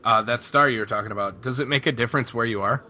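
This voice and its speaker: A man's voice: medium pitch, quick pace, sharp tone. A man co-hosting a casual podcast, wisecracking and laughing often. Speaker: podcast co-host. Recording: dull sound with faint hiss.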